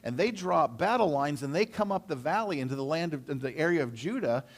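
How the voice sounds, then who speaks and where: A man's voice: on the high side, animated, fast. A man, a pastor, preaching a sermon in a conversational storytelling manner and acting out the characters' voices. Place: church sanctuary.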